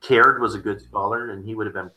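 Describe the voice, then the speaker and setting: Echoey, bright-voiced man musing on theology. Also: lowish voice, fairly even intonation, fast talker. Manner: rambling, repeats words, chuckles often. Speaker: theology discussion partner. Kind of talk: casual conversation.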